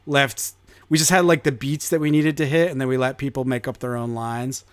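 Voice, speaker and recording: A man's voice: medium pitch, flat delivery, fairly quick, clean tone, no room sound. A man hosting a casual podcast chat, joking and laughing often. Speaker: podcast host.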